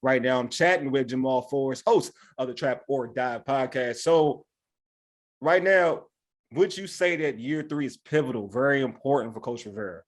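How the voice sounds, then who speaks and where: A man hosting a sports radio show, talking in a loose, conversational way. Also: medium pitch. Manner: fast, loose and conversational, quick agreement. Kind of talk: casual sports radio talk.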